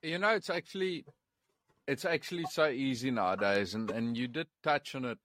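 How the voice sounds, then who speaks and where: A man with a South African accent, chatting casually as a podcast guest and telling lively, profane stories with frequent restarts. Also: mid-range voice, moderate pace, dry recording. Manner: lively, profane, repeats words at the starts of phrases. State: living abroad in England. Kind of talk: casual storytelling chat.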